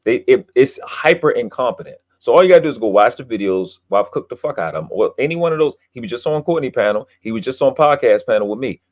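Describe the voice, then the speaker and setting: A man's voice: mid-range voice, expressive, fast, few pauses. A man talking in a heated, casual podcast conversation, boastful and emphatic, with lots of swearing. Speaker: podcast guest. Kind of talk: heated casual debate talk.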